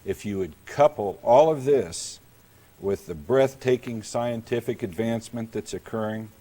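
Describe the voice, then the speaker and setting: A middle-aged man from Kansas, a mayor, delivering a prepared public lecture in a measured, deliberate storytelling manner. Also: fairly low pitch, dark tone.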